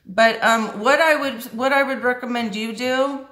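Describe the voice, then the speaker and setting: A woman's voice: steady tone, normal speed, a bit bright, echoey room, poor audio. A woman answering viewer questions about her dog in a casual vlog, rambling with lots of fillers and restarts. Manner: high sing-song baby talk to her dog. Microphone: phone held while scrolling.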